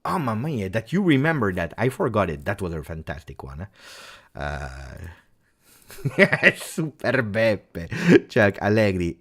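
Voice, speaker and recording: A man with an Italian accent hosting a live football reaction stream, talking casually and joking, with many "uh"s. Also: low-pitched. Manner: animated, joking, halting with "uh"s.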